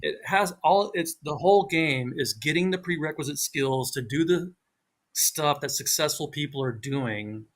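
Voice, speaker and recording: Animated man telling stories on a livestream. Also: normal speed. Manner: animated storyteller, acts out quotes with big pitch jumps. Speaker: co-host. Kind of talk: casual chat on a livestream.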